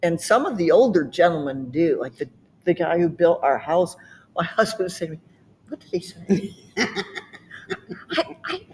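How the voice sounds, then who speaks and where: Lively laughing Southern woman chatting. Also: on the low side, moderate pace, long pauses, a little hiss or hum. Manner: laughing, animated storytelling. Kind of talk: casual chat.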